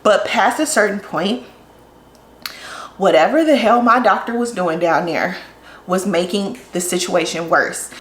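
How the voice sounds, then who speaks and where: A young woman vlogger telling a personal story, candid and animated, with lots of "like" fillers. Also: mid-range voice, unhurried. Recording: echoey room.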